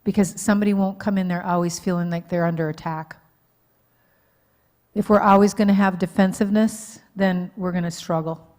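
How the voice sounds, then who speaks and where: In a church hall at a live conference, a woman who works as a marriage counselor and conference speaker gives a relaxed teaching talk, frequently checking in with listeners and laughing at herself. Her voice sits fairly low, with fairly even intonation, a fairly quick pace and a slightly mellow quality.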